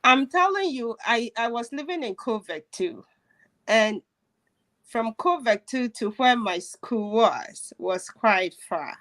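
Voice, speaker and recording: A woman's voice: on the high side, expressive, slow, a bit bright. A woman telling a personal story in casual chat, emotional and laughing as she goes, with many restarts. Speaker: host.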